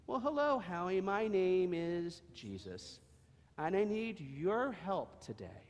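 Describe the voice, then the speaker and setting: A man voicing a gentle, kind comforter. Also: high voice, big pitch swings, slow, lo-fi sound, pitched above the performer's own voice, heavily acted. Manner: gentle, reassuring. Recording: long echo of a large hall.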